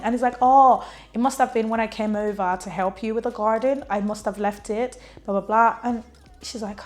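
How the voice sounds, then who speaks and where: A woman's voice: fairly high pitch, moderate pace, a little mellow. A woman giving a casual spoken summary of a novel, chatty, with lots of "like" and small laughs as she retells the story. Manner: chatty, fills speech with "like", laughs while retelling. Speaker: book reviewer.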